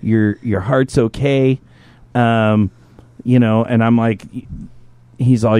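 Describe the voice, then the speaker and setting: Male podcast host, casual storyteller, swears a lot, mid-pitched, dry close sound. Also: slow pace, long pauses, clean tone, no echo. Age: adult, a parent. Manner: profane, animated, jumps into impressions of others.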